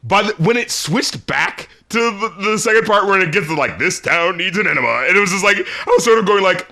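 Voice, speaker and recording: A man co-hosting a casual album review podcast, animated and laughing often, swearing and acting out quotes. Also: high voice, a little fast. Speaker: podcast co-host.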